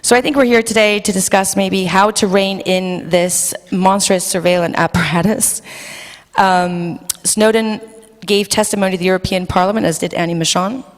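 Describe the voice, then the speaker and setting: A woman's voice: mid-range voice, fairly even intonation, moderate pace. A woman moderating a panel discussion, reading introductions from notes with fillers and restarts. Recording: long reverb of a hall.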